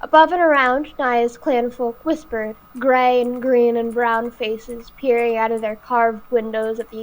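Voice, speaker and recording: A woman's voice: on the high side, rough recording. A woman hosting a live read-aloud of a novel, reading carefully with small slips. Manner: careful, slightly halting reading.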